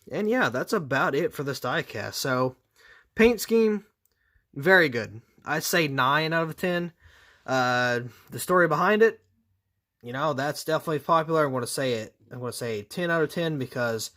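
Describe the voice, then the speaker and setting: A man's voice: mid-range voice, a bit bright. A man reviewing model cars in a casual, rambling way, tired with his voice going out, dropping sarcastic asides. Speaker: diecast reviewer.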